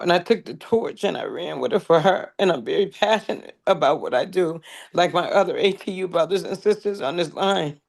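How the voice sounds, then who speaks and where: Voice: mid-range voice, fairly quick, creaky. A transit union member giving emotional, impassioned testimony at a public hearing, near tears. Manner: impassioned, pleading.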